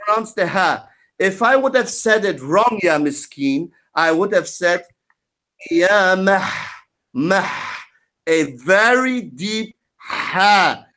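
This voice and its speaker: A man's voice: high-pitched, lively intonation, a little slow, sharp tone. A man in a heated online debate on a video call, mocking, combative and lecturing his opponent.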